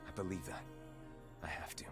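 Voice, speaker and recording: A man's voice: a little fast, whispered, lightly acted. An actor playing a brooding young male swordsman in a video game, speaking in a terse, grim way. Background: loud game music.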